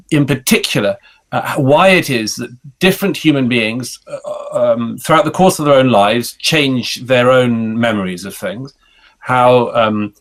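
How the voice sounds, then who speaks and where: A man in his forties with a British accent answers interview questions at an even, middle pitch. He talks in a measured way, pausing often on fillers and restarting phrases. He is heard over a video call. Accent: British English. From Britain. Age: 40s. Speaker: guest author.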